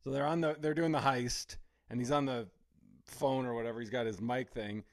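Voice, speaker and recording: A man's voice: medium pitch, fairly even intonation, normal speed. A man co-hosting a podcast, telling a ranting story in casual chat. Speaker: podcast co-host.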